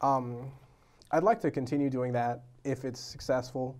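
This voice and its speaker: A young man, a novelist guest on a talk show, telling stories in a lively way and acting out the quotes. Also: medium pitch, moderate pace. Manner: animated storyteller, acts out quotes. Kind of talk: casual talk show chat.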